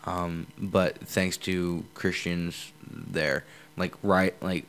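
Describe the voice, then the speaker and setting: A man's voice: sits low, drawn-out words, creaky, slight background noise. A young man hosting a podcast, casually retelling a myth with many filler words. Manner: relaxed storytelling with frequent fillers. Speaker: podcast host. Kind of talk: casual chat.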